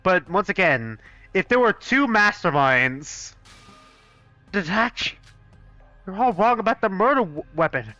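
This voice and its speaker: A young man playing through a fan game live, voicing characters in an excitable, swearing, mock-outraged way, on a dull, dry recording. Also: sits high, a little slow, pauses often, no room sound, faint music behind. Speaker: let's play gamer voicing a fan game. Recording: dull, dry close-mic sound.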